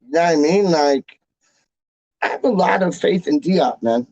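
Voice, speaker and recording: A man's voice: on the high side, animated, normal speed, a little mellow, dry recording, muffled recording. A young man hosting a fan channel, chatting casually to viewers in a rambling, slangy way that repeats itself.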